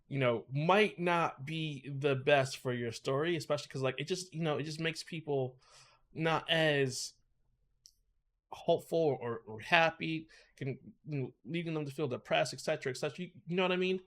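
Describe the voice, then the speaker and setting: Chatty man hosting a reaction video. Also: medium pitch. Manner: chatty, laughs often, repeats "my people". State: growing nervous excitement. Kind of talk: casual reaction commentary.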